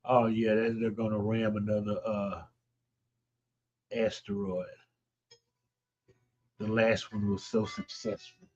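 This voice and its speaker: A man with a low, husky voice talks very slowly, making laid-back, wry remarks as a radio co-host. The sound is dull and lo-fi. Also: level tone, darkish tone. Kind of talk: casual on-air chat.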